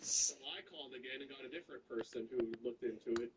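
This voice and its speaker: A man's voice: medium pitch, fast. A man telling a long annoyed story in casual chat, imitating the people he quotes. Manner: animated, mimics people he quotes. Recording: noisy room mic from a distance.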